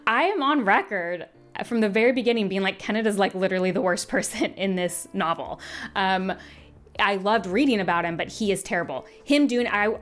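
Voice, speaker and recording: A woman giving a casual, emotional book review, talking through her feelings with many fillers and restarts. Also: mid-range voice.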